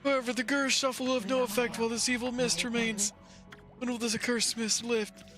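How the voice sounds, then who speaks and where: A man voicing a frail, fretful old male gardener in a video game, speaking slowly and mournfully. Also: very high voice, level tone, music in the background, pitched above the performer's own voice.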